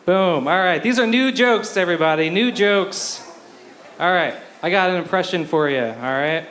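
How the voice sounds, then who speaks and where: A man doing a stand-up comedy set on a club stage, telling deadpan one-liners and self-deprecating jokes into a handheld mic. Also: high-pitched, normal speed.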